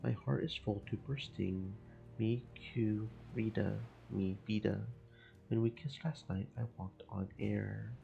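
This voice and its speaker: A man's voice: fairly low pitch, fairly even intonation, slow, creaky, warm tone, lo-fi sound, exaggerated voice. A man voicing a proud, amorous Spanish fishmonger in a theatrical put-on Spanish accent, over game music. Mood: lovesick. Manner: theatrical, lovesick.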